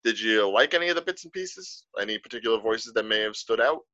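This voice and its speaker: A man co-hosting a podcast, chatting casually and telling stories in an animated way. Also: lowish voice, fast, dry recording, muffled recording. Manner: animated, storytelling. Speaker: podcast co-host. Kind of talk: casual conversation.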